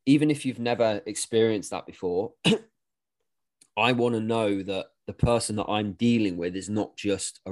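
Male coach on a podcast, lowish voice, loose and frank, curses casually. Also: darkish tone. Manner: rambling, frank, swears casually. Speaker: podcast co-host and weightlifting coach.

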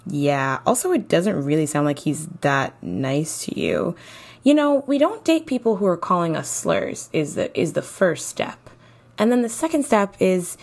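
A young woman hosting a casual advice podcast, chatty and playful like a big sister, a little tired. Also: sits low. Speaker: podcast host.

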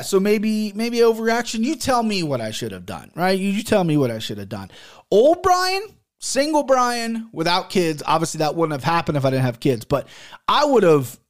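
Brief: thirties male host, slightly high voice, animated and profane storyteller. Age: 30s. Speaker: podcast host and sports betting handicapper. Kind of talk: casual storytelling monologue. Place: home studio.

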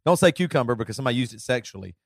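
Reflective podcast co-host thinking aloud. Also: male voice, medium pitch, animated, racing, no room sound, studio quality. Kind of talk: casual chat.

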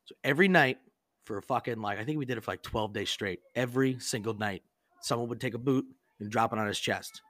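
A man's voice: medium pitch, fast, a bit bright, no echo. A man casually telling a crude prank story on a podcast, rambling and profane, full of "like" and acted-out quotes.

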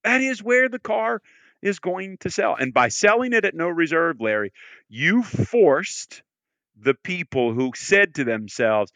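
An enthusiastic man in casual podcast conversation, talking cars with a bright, forceful tone. He often stumbles over and repeats his first words, then presses on. The recording is close and dry. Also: high voice, big pitch swings, a little slow, no room sound. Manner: enthusiastic, repeats words when starting sentences. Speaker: car auction specialist, podcast guest.

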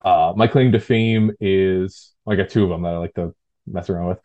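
A man's voice: low-pitched, fairly even intonation, normal speed, muffled recording. A man talking casually as an interview guest, rambling with fillers and restarts. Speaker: guest, tabletop game designer.

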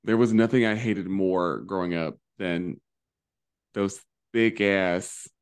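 A man co-hosting a casual pop-culture podcast, animated and campy, slipping into mock voices for jokes. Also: low voice, takes it slowly, clear, resonant tone. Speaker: podcast co-host. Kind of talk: casual chat.

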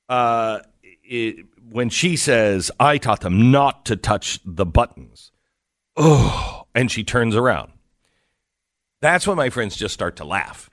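A man's voice: medium pitch, a bit bright, no echo, studio quality. A middle-aged man hosting a talk radio show, telling a story and acting out the quotes as he goes.

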